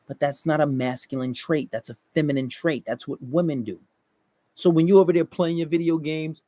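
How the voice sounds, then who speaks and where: A man with a fairly high voice gives a blunt, swearing-heavy dating-advice monologue to his male listeners. The sound is dry and close, with no room echo. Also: expressive, a little fast, darkish tone.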